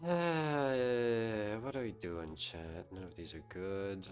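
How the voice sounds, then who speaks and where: A man's voice: fairly low pitch, slow pace, soft background music. A man streaming a game live, thinking aloud and talking to his chat in a casual, musing way. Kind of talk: casual live-stream commentary while gaming.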